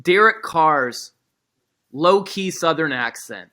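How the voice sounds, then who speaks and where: A man guesting on a sports talk show, animated, opinionated and jokey. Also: on the high side, slow.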